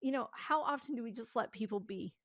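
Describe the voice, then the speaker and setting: A woman's voice: a little high, a little fast, a bit bright, no echo. A woman guest on a podcast interview, talking candidly and animatedly and laughing often. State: tearful. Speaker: podcast guest, company founder. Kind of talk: casual conversational interview.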